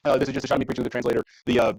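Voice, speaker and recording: A man preaching a casual, conversational sermon in church while showing mission trip photos, talking fast and often restarting his sentences. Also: medium pitch, level tone, gravelly, a little mellow, no echo, low-quality recording. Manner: fast, conversational, self-interrupting. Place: church sanctuary.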